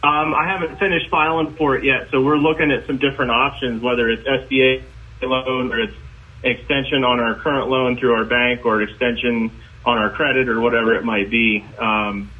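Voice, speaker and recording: A man's voice: medium pitch, steady tone, moderate pace. A man from Colorado calling in with a question, speaking hesitantly with many fillers. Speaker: caller, restaurant owner. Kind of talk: phone-in question. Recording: tinny phone line.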